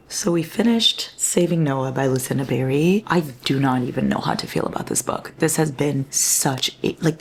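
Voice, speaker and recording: A woman's voice: deep voice, vocal fry, darkish tone, slight background noise. A woman in her twenties chatting casually in a reading vlog, rambling, swearing freely and often dropping into whispers. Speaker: book vlogger.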